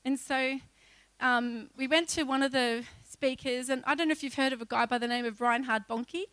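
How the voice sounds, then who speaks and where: A high-pitched woman shares a personal testimony as a church speaker. Her voice is bright and the sound is close and dry, with no room around it. She moves between quiet narration and loud, emotional re-enactments of her own pleas. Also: fairly even intonation, moderate pace, no room sound. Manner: emotional storytelling that breaks into loud pleading re-enactments.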